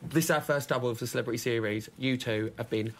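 A man's voice: mid-range voice, fast talker. A man hosting a chat show in a camp, teasing, giggly manner. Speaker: host.

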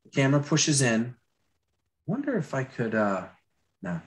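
A man's voice: mid-range voice, very animated, measured pace. Man with a dry throat demonstrating storyboards. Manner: loose, chatty, many fillers and restarts. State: dry throat, clearing it often. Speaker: storyboard artist teaching a demo. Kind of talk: live drawing demonstration.

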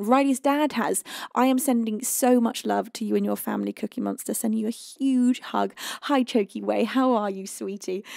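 A woman's voice: on the high side, creaky, darkish tone, no room sound, studio quality. A young British woman hosting a music livestream, chatting with viewers between songs in a bubbly, affectionate, giggly way. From United Kingdom.

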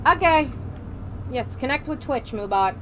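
A woman streaming a video game in casual commentary, playful and swearing, slipping into a mock pirate way of talking. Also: fairly high pitch. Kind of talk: casual let's-play commentary. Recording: streaming mic with steady noise.

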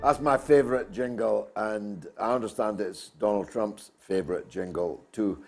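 A man's voice: fairly low pitch, moderate pace, vocal fry, a little mellow, soft background music. Emphatic orating talk show host man. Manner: emphatic, oratorical, rhetorical.

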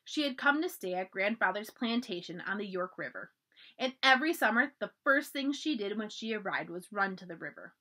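A librarian reads a children's chapter book aloud with an expressive storyteller's delivery. Her voice is bright and fairly high, and her pitch rises and falls a lot. She gives the story's lines plenty of lift.

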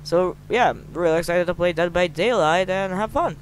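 A young man commentating a game he is playing, rambling and excitable, with sudden loud outbursts. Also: high-pitched, normal speed. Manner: excitable, rambling, bursts into shouts. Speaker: gaming YouTuber. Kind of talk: let's play commentary. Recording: noisy home recording.

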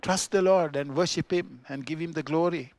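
Sri lankan guy preaching a sermon, kinda high voice, gets loud then goes quiet, dry close sound. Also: moderate pace, no room sound. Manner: swings between loud emphatic peaks and quiet low asides. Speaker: pastor. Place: church.

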